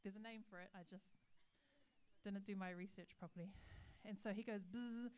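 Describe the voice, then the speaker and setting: A woman's voice: medium pitch, fairly even intonation, fairly quick, darkish tone, clean tone. A woman preaching a sermon, telling a personal story with humor and acting out what people said.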